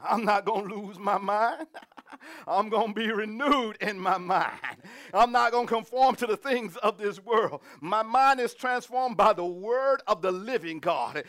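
A man preaching a sermon, reading scripture and building to shouted, humming, laughing exclamations. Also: high-pitched, lively intonation, unhurried.

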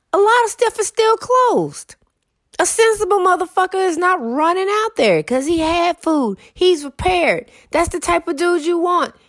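Slightly stuffed up and mouth-breathing, a woman whose voice sits high shares a story and some blunt, profane advice in casual talk. There's no room sound on the recording.

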